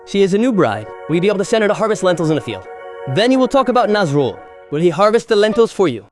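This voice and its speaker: An actor playing the elder brother who heads a rural family, arguing and scolding in a family drama. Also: male voice, high voice, sing-song, quick pace, soft background music. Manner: scolding, argumentative. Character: stern man heading a rural family household. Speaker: elder brother and head of the household. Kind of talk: village family drama acting.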